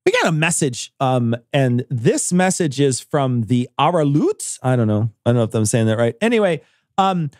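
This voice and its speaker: A man hosting a podcast in casual chat, animated, swearing and laughing often. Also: mid-range voice, moderate pace, no echo, studio quality. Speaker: podcast host.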